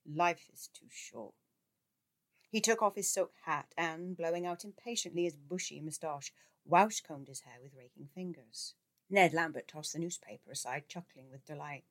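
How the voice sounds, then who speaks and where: Woman, low voice, reading a book aloud, lively with character voices. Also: moderate pace. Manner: expressive, shifts into voices for characters. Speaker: audiobook reader.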